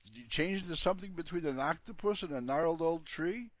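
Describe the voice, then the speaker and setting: A man's voice: on the high side, expressive, brisk, no room sound, voice pushed up, lightly acted. A man voicing a cheerful, unflappable old man with a breezy, matter-of-fact way of talking.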